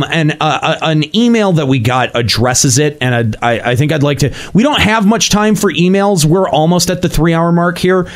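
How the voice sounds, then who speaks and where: A man hosting a casual gaming podcast, talking with many restarts and the odd swear word. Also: fairly high pitch. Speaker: podcast host.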